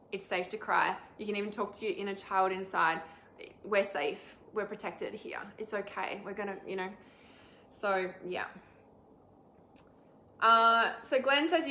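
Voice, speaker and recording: A woman's voice: medium pitch, sharp tone. A woman hosting a casual live stream as an intuitive healer, chatty and reassuring, with lots of fillers and asides. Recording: echoey room.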